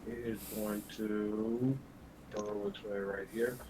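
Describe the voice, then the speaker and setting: A man's voice: on the low side, level tone, slow, mellow, a little hiss or hum, low-quality recording. A man acting as game master, describing monsters in a loose, filler-heavy way on a livestream. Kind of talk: narrating a tabletop game on a livestream.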